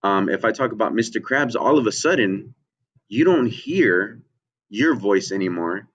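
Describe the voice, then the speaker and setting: Low-pitched male teacher talking kids through a lesson, lots of ums and "okay?", muffled lo-fi sound. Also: animated, moderate pace. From United States. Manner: checks in with frequent "okay?" and "right?", many ums. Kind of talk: lesson for children. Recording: dull lo-fi audio.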